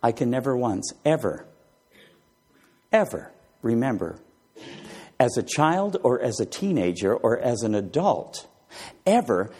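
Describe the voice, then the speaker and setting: A man's voice: mid-range voice, measured pace, pauses often, breathy edge. A man preaching a sermon, asking his listeners rhetorical questions. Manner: animated, rhetorical questions to the congregation.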